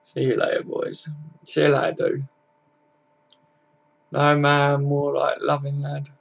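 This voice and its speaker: A man's voice: a little high, completely flat delivery, slow pace, vocal fry, highs cut off. A man hosting a casual live stream, chatting laid-back with viewers, greeting them by name and swearing freely.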